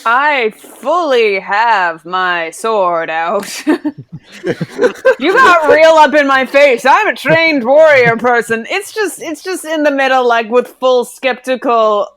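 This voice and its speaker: A woman playing a character in a tabletop game, playful and quick to laugh. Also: sits high, lively intonation, fairly bright tone. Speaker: player.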